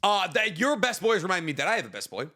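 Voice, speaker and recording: A man's voice: high voice, big pitch swings, quick pace, pushed and bright. A man co-hosting a podcast, chatting casually and trading jokes in banter. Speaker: podcast co-host. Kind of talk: casual chat.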